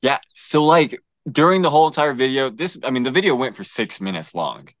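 An American man in his young adult years recounts a story in a loose, animated way. He laughs often and drops fillers and curses. His voice is mid-pitched and sits close and dry. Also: fairly quick, no room sound. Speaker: guest recounting an encounter. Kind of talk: casual storytelling.

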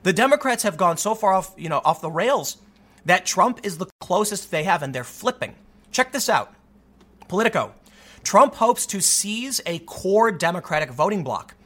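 A man's voice: sits high, very animated, moderate pace, a bit bright. A man giving solo political commentary, reading news excerpts aloud and reacting with emphatic, rhetorical asides.

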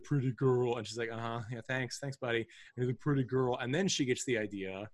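A man's voice: lowish voice, a bit bright, dry recording. A man co-hosting a film podcast, recapping a movie in casual chat. He rambles and restarts his sentences often, stacking fillers as he goes. His voice sits in a dry, close-miked sound. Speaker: podcast co-host.

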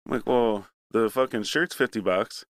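A man's voice: lowish voice, moderate pace, no echo, studio quality. A young man from Canada in casual chat, telling a rambling, profane story with acted-out asides.

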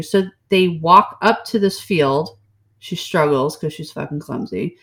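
This time her pitch sits fairly low and her delivery is unhurried. She's still an animated, joking podcast co-host who swears offhandedly through the casual chat.

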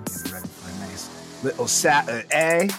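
A young man co-hosting a podcast in casual, jokey chat, often trailing off quietly. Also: medium pitch, very animated, moderate pace, over loud music. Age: young adult. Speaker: podcast co-host.

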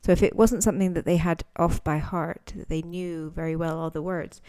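Mellow-voiced woman teaching English, thoughtful. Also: lowish voice, fairly even intonation, normal speed, clean tone. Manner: thoughtful, searching for words, frequent restarts. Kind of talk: podcast lesson, unscripted talk.

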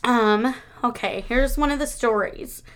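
A woman's voice: fairly high pitch, measured pace. A woman in her thirties co-hosting a casual chat, telling frank stories with lots of laughter. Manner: frank, laughing, animated storytelling. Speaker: podcast co-host.

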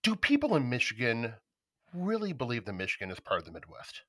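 A man hosting a casual podcast chat in a bright, forceful voice. He swings his pitch around a lot and laughs easily. He is from Nebraska. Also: brisk. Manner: animated, laughs often, enthusiastic. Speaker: podcast host.

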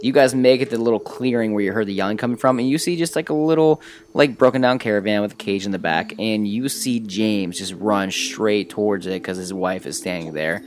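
A man's voice: on the low side, a little fast. A man running a tabletop game as game master, narrating in a loose, profane, joking way. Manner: loose, profane, laughing often.

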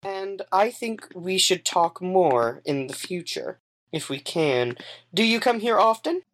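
A woman's voice: lowish voice, lively intonation, slow, slight background noise, voice pushed up. A woman voicing a sly young female creature with pointed teeth, speaking in an eager, conspiratorial way for a tabletop game.

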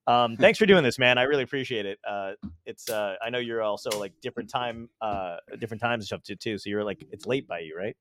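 A man's voice: medium pitch, animated, fast talker, few pauses, a bit bright, slight background noise. A young American man hosting a podcast, chatting casually in a rambling way with lots of filler and swearing. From United States. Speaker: podcast host. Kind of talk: casual chat.

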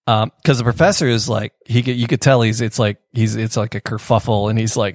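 A man's voice: medium pitch, no echo, clean studio sound. A man co-hosting a casual chat, rambling and restarting often as he tells a story. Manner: rambling, halting, many restarts. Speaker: co-host.

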